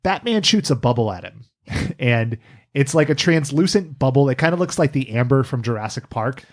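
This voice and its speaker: A man co-hosting a casual podcast, recapping a cartoon with animated, laughing, profane asides. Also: mid-range voice, moderate pace. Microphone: studio podcast mic.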